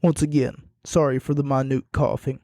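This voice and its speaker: A hoarse man with a frog in his throat hosts a podcast, talking in a rambling, casual way with wry, self-deprecating jokes. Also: medium pitch, little pitch movement, moderate pace, mellow, no echo, clean studio sound. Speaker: podcast host.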